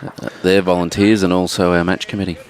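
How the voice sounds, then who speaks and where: A man's voice: low-pitched, flat delivery, brisk, a little hiss or hum. A man co-commentating a lawn bowls match, giving brief, matter-of-fact remarks on each shot. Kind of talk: live sports commentary. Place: outdoors at a bowls club.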